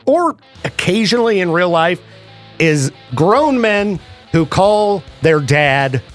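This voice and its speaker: A man's voice: high-pitched, takes it slowly, faint music behind. A man hosting a radio show, chatting casually and laughing often. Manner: lively, animated, laughs often. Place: radio studio.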